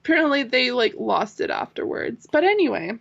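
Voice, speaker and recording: A woman co-hosting a podcast, chatting casually and telling stories with a giggly, animated manner and a slight accent. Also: high voice, a little fast, vocal fry. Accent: non-American accent. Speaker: podcast co-host. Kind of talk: casual chat. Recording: dull lo-fi mic.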